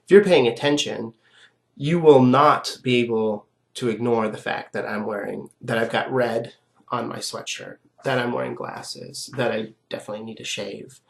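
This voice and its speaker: A man with a sick, rough voice giving a recorded philosophy lecture, explaining step by step in a conversational way and often checking in with "right?". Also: mid-range voice, moderate pace.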